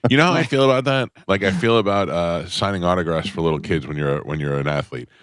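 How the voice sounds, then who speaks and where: Brief: low-voiced male radio host, rambling storyteller, dry studio sound. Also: fast talker, a bit bright, no echo. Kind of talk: casual morning radio chat. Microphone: studio microphone.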